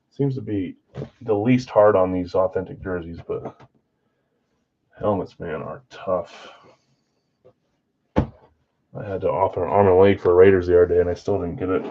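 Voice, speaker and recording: A man's voice: lowish voice, a little mellow, lo-fi sound, slight background noise. A man hosting a live sports card break stream, chatting casually with viewers while he opens packs.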